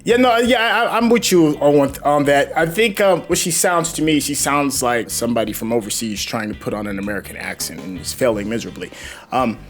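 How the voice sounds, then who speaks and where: A man hosting a casual TV episode review, talking in an animated, opinionated way and asking his co-host questions. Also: medium pitch, a little fast, soft background music. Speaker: show host reacting to a TV episode.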